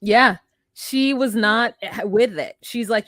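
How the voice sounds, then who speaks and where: A young woman co-hosting a casual recap chat, animated, acting out quotes in exaggerated voices. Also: mid-range voice, measured pace, dry recording. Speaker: podcast co-host.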